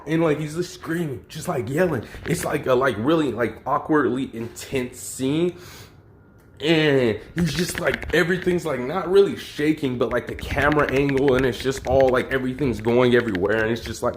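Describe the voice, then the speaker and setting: A man's voice: mid-range voice, normal speed, a little hiss or hum. A man casually retelling a fan story, rambling with lots of fillers and crude slang. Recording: roomy echo.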